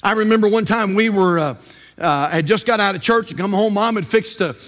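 Preaching in a large hall, an older male pastor speaks in a high, fairly bright voice at a brisk pace. His sermon has a folksy feel, full of stories and rhetorical questions.

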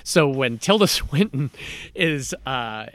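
Man, bright forceful voice, casual podcast chat, animated storytelling, laughs and swears, dry close sound. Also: medium pitch, slow pace, no room sound.

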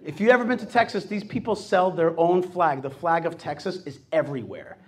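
A middle-aged man hosting a talk show, telling stories in a lively, animated way and acting out what people said to him. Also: on the high side, a little fast. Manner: animated storytelling, acts out quotes. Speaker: host. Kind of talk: casual radio talk.

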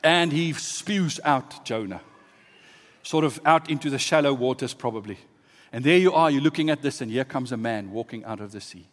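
A man preaching a sermon, telling a story that swings from hushed asides to loud exclamations. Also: mid-range voice, normal speed. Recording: long hall reverb.

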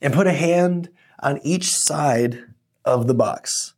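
A man's voice: on the high side, slow pace. A man voicing a patient woman shop manager coaxing a confused customer.

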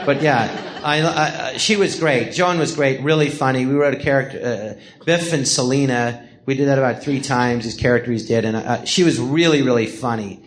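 There's slight background noise as this middle-aged podcast host from around Los Angeles talks in a mid-range voice at a moderate pace. Interviewed casually at a small live theater, he's a lively, laughing storyteller who acts out what people said.

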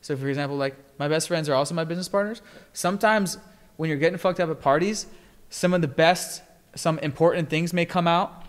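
A man hosting a casual podcast chat, animated and given to mimicking other people's voices. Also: on the high side, fairly quick, big-room sound. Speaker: podcast host.

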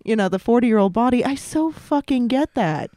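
A woman's voice: fairly high pitch, moderate pace, dry recording, studio quality. Profane, giggly woman podcaster. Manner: animated, profane, laughs often. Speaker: podcast co-host. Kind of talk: casual podcast chat.

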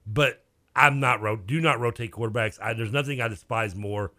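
A man co-hosting a sports talk radio show, emphatic and quick to laugh. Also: medium pitch, sharp tone, no echo, clean studio sound. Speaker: radio co-host and producer. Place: radio studio. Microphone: studio microphone.

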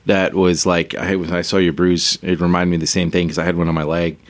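Low-voiced rambling man in his late thirties. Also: flat delivery, fast talker. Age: 30s. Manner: rambling, many "like" fillers, self-mocking. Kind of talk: casual storytelling.

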